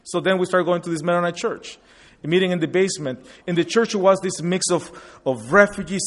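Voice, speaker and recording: His voice on the high side, a Guatemalan man in his forties who grew up speaking Spanish shares his migration story in a hall. It's a personal testimony with slides, told earnestly and reflectively, and the recording has a long hall reverb.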